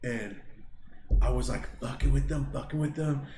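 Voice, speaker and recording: A man's voice: medium pitch, normal speed, roomy sound, noisy background. A man in his thirties from Southern California, co-hosting a podcast and telling rambling, profane stories with laughs mixed in. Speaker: podcast co-host. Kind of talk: casual storytelling chat.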